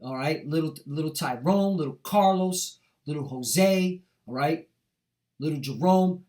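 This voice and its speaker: A man's voice: fairly high pitch, animated, moderate pace, darkish tone. A middle-aged man preaching a heated street sermon, reading scripture and breaking off into profane rants, punctuating lines with "all right?" and "man".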